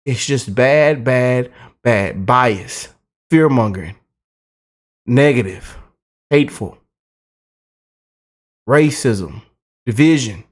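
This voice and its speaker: A man giving excited, gloating political commentary as a YouTuber, repeating himself and mocking his targets. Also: mid-range voice, slow pace, pauses often.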